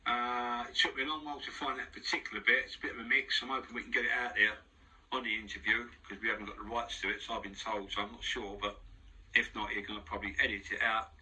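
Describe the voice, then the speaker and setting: A man's voice: on the low side, little pitch movement, fast, sharp tone, recorded from a distance, low-quality recording. A man with a London accent, talking frankly as an interview guest in a studio, rambling with many restarts. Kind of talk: casual spoken monologue. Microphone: wearing headphones.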